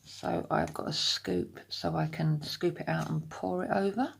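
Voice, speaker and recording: A woman talks through a nail tutorial at a slow, unhurried pace, her voice full of creaky, gravelly fry. The tone is husky and a little low, and she chats as she works, now and then dropping to a half-whisper. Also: sing-song. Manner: chatty, slow and explanatory, drifting into half-whispers. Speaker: nail art vlogger. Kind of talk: casual step-by-step tutorial narration. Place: home room at her desk.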